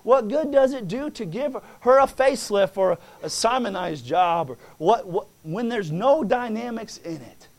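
A male preacher delivering a sermon, moving from quiet talk into fervent preaching. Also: high voice, expressive, a little slow, hardly any pauses.

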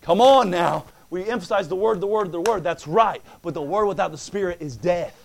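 A male preacher delivering a sermon, moving from quiet talk into fervent preaching. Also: sits high, normal speed, vocal fry.

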